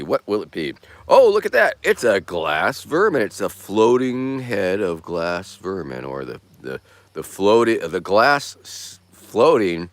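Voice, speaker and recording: A man hosting a casual livestream who rambles in a laid-back way and swears casually. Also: low-pitched. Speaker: streamer host.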